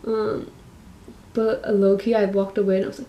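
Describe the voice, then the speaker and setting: A young woman vlogger chatting casually while doing her makeup, soft-spoken and a little mumbly, with lots of fillers. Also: mid-range voice, little pitch movement, moderate pace.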